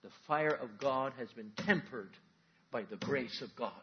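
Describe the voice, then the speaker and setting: A man's voice: medium pitch, a little slow, dull audio, a little hiss or hum. A male pastor giving a sermon in a folksy, conversational way, full of everyday examples.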